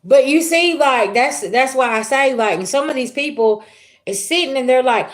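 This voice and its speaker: A woman's voice: fairly high pitch, lively intonation, a little fast. A woman in her thirties, reading tarot on a livestream and telling casual stories with a lot of cussing and laughter, speaking straight to her chat.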